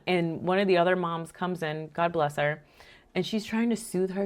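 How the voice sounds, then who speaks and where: A woman from Rico, hosting and telling a faith-based family story in a lively, laughing way. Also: medium pitch, brisk. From Puerto Rico. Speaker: podcast host.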